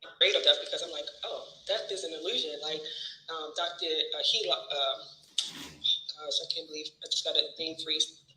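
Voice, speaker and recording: A man's voice: on the high side, fairly even intonation, normal speed, pushed and bright, reverberant, a little hiss or hum, rough recording. A man in an online study group, talking casually and hesitantly with many restarts. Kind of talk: casual chat.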